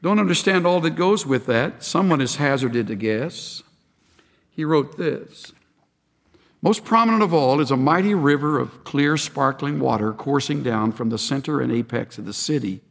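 A man preaching a sermon in measured tones, building to emphatic peaks and slowing for weight. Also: medium pitch, animated, gravelly, big-room sound. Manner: measured preaching with rising emphasis and slow pauses. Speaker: pastor.

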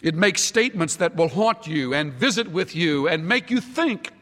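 Lively-voiced preacher man in a reverberant hall. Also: fairly high pitch, normal speed. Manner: emphatic, repeated rhetorical questions. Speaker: pastor. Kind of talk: sermon. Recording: long reverb of a large hall.

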